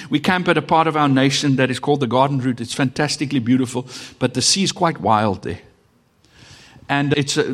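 Middle-aged man, South African accent, lively sermon, slightly raised pitch, long hall reverb. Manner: animated, dramatic pauses, swings from loud to hushed. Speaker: pastor.

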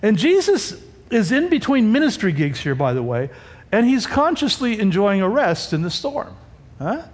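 Man, pastor, sermon, high voice, conversational asides, church sanctuary, long hall reverb. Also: normal speed. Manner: animated, conversational preaching with frequent rhetorical asides.

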